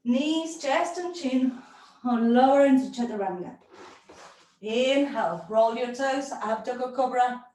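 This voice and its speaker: An unhurried, mellow voice on the high side belongs to a woman instructing a live yoga class. She breathes and moves along with the group while giving brief, supportive commands. The mic is far away, and the room echoes a lot.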